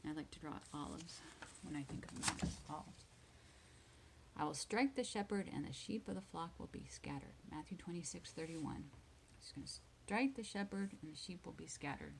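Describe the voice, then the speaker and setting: Soft-voiced woman teaching English. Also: low voice, a little fast, creaky, slight background noise, rough recording. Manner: reads a verse then retells it in simple words. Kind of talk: slow Bible reading lesson for learners.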